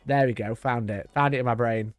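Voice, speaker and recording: A man's voice: medium pitch, steady tone, fairly quick, no room sound, soft background music. A man in his twenties hosting a live stream, chatting in a rambling, sweary way and laughing often. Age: 20s. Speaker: livestream host. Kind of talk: casual live-stream chat.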